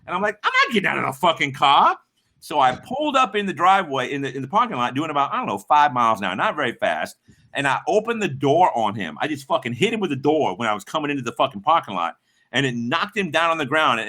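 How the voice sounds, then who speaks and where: Lively, bright-voiced man telling profane stories. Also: medium pitch. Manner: profane, rambling storyteller acting out voices. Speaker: livestream host. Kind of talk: casual storytelling to a live chat.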